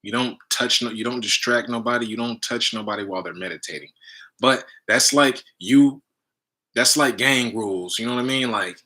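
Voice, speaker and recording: A man's voice: mid-range voice, normal speed, sharp tone. A man and spiritual teacher telling a story in loose, slangy casual talk, full of "you know" and "right?".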